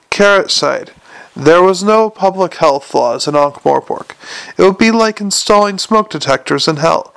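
A man's voice: sits high, animated, measured pace, creaky, a bit bright. A man narrating a comic fantasy story aloud in a wry way, with the odd slip and restart. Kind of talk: audiobook narration.

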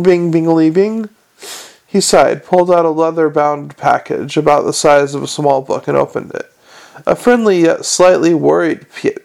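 A man narrating a storybook in a wry, even reading manner. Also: fairly high pitch, gravelly. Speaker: audiobook narrator.

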